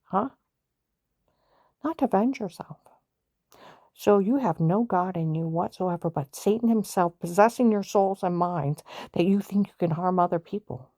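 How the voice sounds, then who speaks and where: A woman's voice: on the low side, normal speed, hardly any pauses, mellow, no room sound, studio quality. A woman on a personal vlog, ranting in an agitated, emphatic way, repeating herself and rambling from point to point. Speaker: vlogger.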